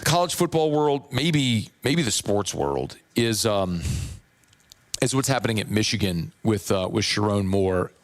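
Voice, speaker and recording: Hoarse man, low voice, sports radio host riffing casually. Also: expressive, unhurried. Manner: playful, rambling, riffs on pronunciation. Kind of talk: casual radio talk with live ad read.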